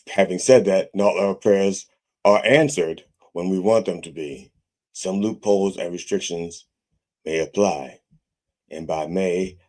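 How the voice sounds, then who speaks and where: A man with a deep, low-pitched voice preaches a mock sermon as a comic reverend. He rambles and swears freely between his blessings. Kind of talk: parody sermon.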